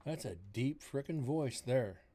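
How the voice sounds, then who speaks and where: A man in his forties hosts a paranormal live stream, talking straight to his viewers in a rambling, self-mocking way. His voice sits in a middle register, picked up on a desk mic with a steady wash of background noise behind it. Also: mid-range voice, unhurried. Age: 40s. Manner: rambling, self-mocking, talks to chat directly. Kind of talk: casual live-stream chat.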